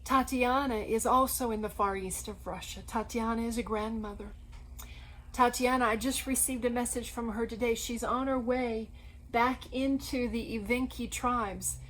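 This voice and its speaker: A woman co-hosting a Christian ministry program, telling inspiring stories in an earnest, animated way. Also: on the high side, normal speed, a little hiss or hum, poor audio. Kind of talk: storytelling conversation.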